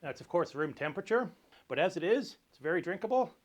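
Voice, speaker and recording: A man's voice: sits high, expressive, fast, noisy background. A man hosting a cocktail video, explaining drink history and recipes in a dry, lightly joking way. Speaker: cocktail show host. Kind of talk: casual cocktail tutorial.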